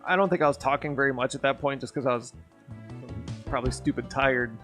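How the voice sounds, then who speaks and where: Over soft background music, a fast-talking man with a mid-range voice streams while drinking and a bit tipsy. His casual story rambles and turns profane, and he gets more riled up the longer it runs.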